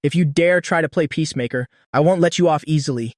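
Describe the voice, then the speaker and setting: A man voicing a spoiled, proud young man who talks with petulant resentment, in a storybook reading with a fairly high voice. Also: fast, no echo, clean studio sound, lightly acted. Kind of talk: audiobook dialogue.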